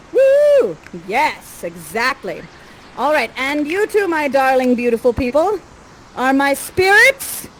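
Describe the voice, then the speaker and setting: A playful woman with a slightly high voice leads audience members through a live theater piece. She is theatrical and encouraging, coaxing people into their parts with bright asides. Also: slight background noise, rough recording. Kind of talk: interactive theater narration.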